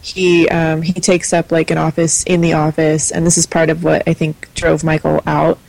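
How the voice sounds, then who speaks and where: A woman's voice: deep voice, monotone, normal speed, creaky, a little mellow, low-quality recording. A woman co-hosting a podcast, chatting casually and hesitantly with many fillers. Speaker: podcast co-host. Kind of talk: casual chat.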